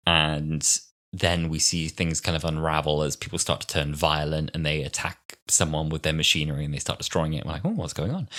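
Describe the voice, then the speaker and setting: A man's voice: rumbling low, fairly bright tone. A man in his twenties co-hosting a podcast in casual chat, rambling and laughing often. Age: 20s. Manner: rambling, laughs often, trails off mid-thought. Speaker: podcast co-host.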